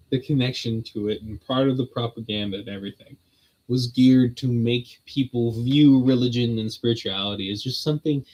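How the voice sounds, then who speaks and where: A man's voice: medium pitch, a little mellow, low-quality recording. A man at home hosting a casual on-camera religious teaching, full of joking, sardonic asides. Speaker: host of a Bible teaching channel.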